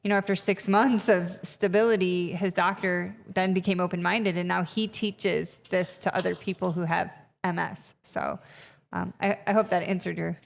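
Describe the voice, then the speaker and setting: A woman guest in a conversational interview, telling stories in an animated way with lots of fillers. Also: on the low side, normal speed, gravelly. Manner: animated storyteller, many fillers. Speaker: podcast guest, retreat facilitator. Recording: long reverb, echoey room.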